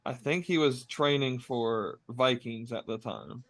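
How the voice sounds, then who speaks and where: A man's voice: medium pitch, measured pace, dry recording. A man co-hosting a casual podcast, laid-back and wry while reacting to wrestling. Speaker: podcast co-host. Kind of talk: casual chat watching wrestling.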